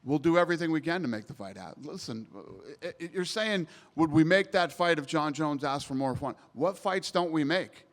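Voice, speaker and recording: In a post-event press area full of long hall reverb, a promotion CEO fields reporters' questions at a scrum. His fairly high voice is lively and brisk with few pauses, and he's blunt, emphatic, and casually profane.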